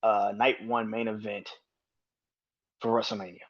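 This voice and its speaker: A man's voice: fairly low pitch, level tone, measured pace, dull audio. A man hosting a solo wrestling podcast, ranting with heavy swearing and exasperated rhetorical questions. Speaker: podcast host.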